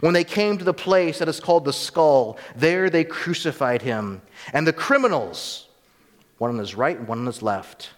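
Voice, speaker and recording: A man's voice: on the high side, lively intonation, normal speed, long reverb tail. A man preaching a sermon as pastor, earnest and emphatic, often rising sharply on rhetorical questions.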